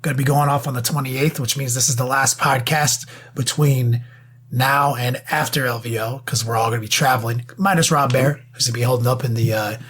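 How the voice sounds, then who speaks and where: A man's voice: mid-range voice, fairly even intonation, fairly quick, fairly bright tone, slightly rough. A man co-hosting a podcast, talking in a blunt, offhand way and cursing freely. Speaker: podcast co-host. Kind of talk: casual podcast talk.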